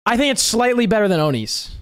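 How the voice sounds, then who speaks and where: A music producer giving casual, emphatic reaction commentary, excitable and given to repeating words and swearing. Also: mid-range voice, fast, heavy background noise. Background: game chase music playing faintly.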